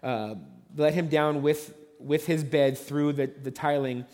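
A man's voice: a little high, fairly even intonation, unhurried, a little mellow, long reverb tail. A man preaching a sermon as pastor, telling the story conversationally and acting out the voices of the onlookers.

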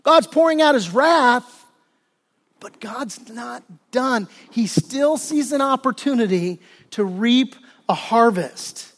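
A man's voice: very high-pitched, animated, slow, fairly bright tone. A man preaching a sermon as pastor, retelling scripture in a conversational way with casual asides. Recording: long reverb of a large hall.

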